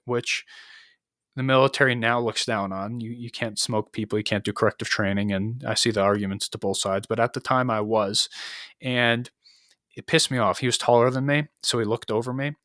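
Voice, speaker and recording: A man's voice: mid-range voice, fairly bright tone, no room sound, studio quality. A man, an Army NCO co-hosting a podcast, tells a story in a loose, profane, casual way, full of fillers and acted-out quotes.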